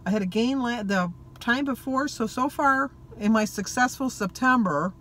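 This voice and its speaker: A woman's voice: on the high side, normal speed, fairly bright tone. An older woman with a Michigan accent, talking casually and poking fun at herself while driving, her throat a little froggy. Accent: Michigan American. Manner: chatty, self-mocking, laughs at herself. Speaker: vlogger. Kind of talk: casual talk to camera. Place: in a car, driving. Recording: noisy car interior.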